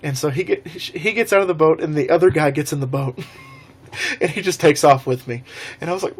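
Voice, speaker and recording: A man's voice: a little high, fast. Chatty young man rambling on stream. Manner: rambling, laughing storyteller. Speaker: vlogger streaming live. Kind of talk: casual live-stream chat.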